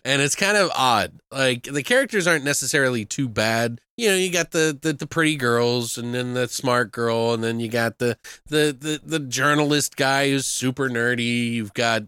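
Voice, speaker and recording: A man's voice: medium pitch, normal speed, sharp tone, smooth, no echo. Rambling man, dry close sound. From United States. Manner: rambling, frequent fillers and swearing. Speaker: podcast host reviewing films. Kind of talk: casual chat.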